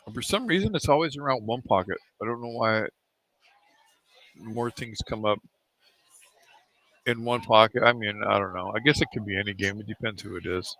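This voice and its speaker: Man, relaxed pool commentator, lowish bright voice, dry close sound, chatty storytelling. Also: normal speed, long pauses, dry recording, poor audio. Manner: laid-back, chatty, rambling anecdotes with chuckles. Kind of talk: casual live pool commentary. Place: pool hall venue.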